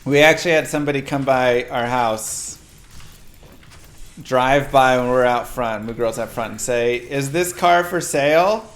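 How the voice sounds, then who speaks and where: A man's voice: mid-range voice, steady tone, moderate pace. A man streaming a game, chatting and joking with viewers as he plays. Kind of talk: casual gameplay commentary.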